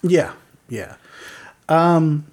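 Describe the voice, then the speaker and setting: A man's voice: a little high, animated, extremely slow. A man hosting a casual podcast, telling stories in a rambling way with lots of fillers and chuckles. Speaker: podcast host.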